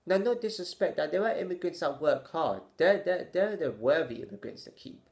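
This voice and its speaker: A man vlogging his opinions to camera in a halting, stammering way, sighing with exasperation and firing off rhetorical questions. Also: a little high, expressive, darkish tone.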